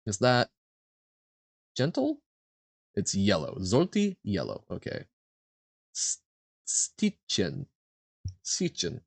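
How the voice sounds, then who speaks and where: A young man streaming a vocabulary quiz, slowly sounding out foreign words, guessing aloud and laughing at himself. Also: lowish voice, a little mellow, no room sound. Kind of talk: casual live-stream chat while playing a vocabulary quiz.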